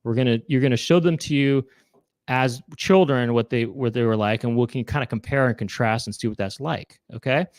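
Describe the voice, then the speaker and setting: A man's voice: medium pitch, a little fast, no echo. Rambling male show host, dry sound. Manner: rambling, self-correcting, breaks into silly impressions. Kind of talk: casual live chat.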